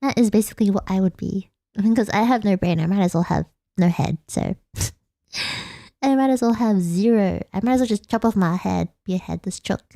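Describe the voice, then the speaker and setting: Australian woman streamer, mellow tone, giggly and rambling, dry close sound. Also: medium pitch, fast talker, gravelly, few pauses, no echo. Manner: giggly, rambling, self-deprecating. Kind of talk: casual late-night chat stream.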